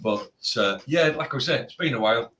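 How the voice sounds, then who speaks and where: A man co-hosting a live stream, talking casually in a halting way, full of fillers and repeated words. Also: mid-range voice, animated, fairly bright tone. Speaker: co-host.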